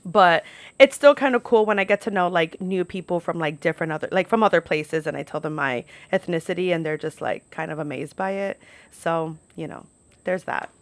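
A woman's voice: lowish voice, brisk, no echo. Chatty young woman from New York. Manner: chatty, lots of "like", profane asides. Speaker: podcast host. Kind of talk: casual storytelling monologue.

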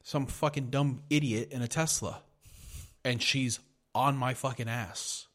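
A man's voice: mid-range voice, steady tone, measured pace. A man hosting a podcast, telling a heated, profanity-filled story in a casual rant. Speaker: podcast host.

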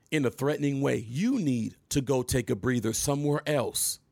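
A middle-aged man from Michigan telling a personal story in a casual monologue, animated and emphatic, acting out the scenes. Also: mid-range voice, gravelly, no room sound, studio quality.

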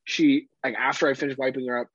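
A man's voice: medium pitch, fast, slightly rough, dry recording, dull audio. A man in his thirties co-hosting a podcast in casual chat, telling stories about his daughter with lots of swearing. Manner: profane, animated storytelling. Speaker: podcast co-host.

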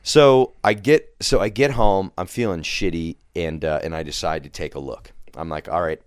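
A man with a low, deep voice tells a crude story in a studio, swearing freely and slipping into the voices of people he quotes. The sound is dry and close, with no room echo. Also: moderate pace, clean tone. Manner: animated, swearing, acts out quoted lines. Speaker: podcast guest. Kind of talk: casual profane storytelling. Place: podcast studio.

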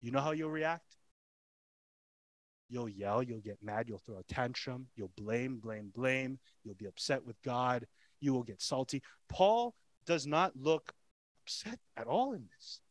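A man's voice: mid-range voice, animated, unhurried, no echo. A man preaching a sermon as pastor, telling the story with dramatic emphasis, rhetorical questions and repeated lines. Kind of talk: expository sermon.

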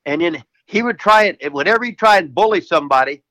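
An older American man swaps wrestling-road stories with a fairly high, bright, forceful voice. He swears in nearly every sentence and breaks into laughter mid-story, loose and animated throughout. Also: fast. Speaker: guest, retired pro wrestler. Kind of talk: profane casual storytelling.

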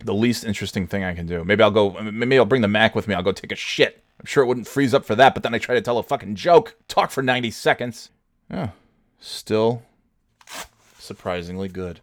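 A man with a lowish voice rants and curses through a podcast outtake, swinging between mutters and shouts. The sound is close and dry, with no room around it. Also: fairly quick, no room sound. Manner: furious, profane ranting and shouting. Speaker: podcast host.

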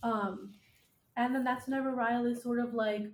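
Young woman, co-host, bright higher voice, casual plot recap, echoey room. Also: flat delivery, moderate pace, slight background noise. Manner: casual, retells the plot with many fillers. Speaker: podcast co-host. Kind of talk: casual book chat.

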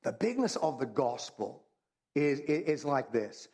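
A man delivering a sermon in an easygoing, conversational way. He jokes with the congregation and repeats key lines over and over for emphasis, his voice sitting in an ordinary middle pitch. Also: big pitch swings, unhurried, a little mellow. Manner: conversational and humorous, repeats phrases. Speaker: pastor.

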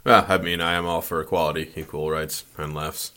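A man's voice: low voice, level tone, brisk, sharp tone, a little hiss or hum. A man co-hosting a podcast from a spare room at home, joking crudely and swearing a lot in casual chat. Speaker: podcast co-host.

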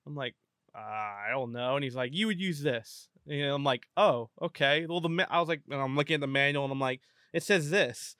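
A man's voice: medium pitch, a little fast, clean tone, dry recording, clean studio sound. A man telling a story on a casual podcast, acting out both sides of a conversation. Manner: animated, acts out both sides of a dialogue.

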